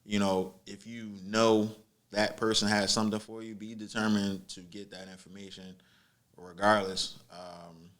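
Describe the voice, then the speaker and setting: A man's voice: lowish voice, flat delivery, a little slow, a bit bright. A man guest on a podcast, telling stories in a laid-back, slangy way with lots of fillers. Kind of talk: casual storytelling chat.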